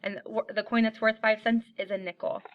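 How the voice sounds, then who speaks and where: A woman teaching coins to young children in an online lesson, upbeat and encouraging, chanting little rhymes slowly for them to repeat. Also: on the high side, little pitch movement, narrow, tinny audio, a little hiss or hum.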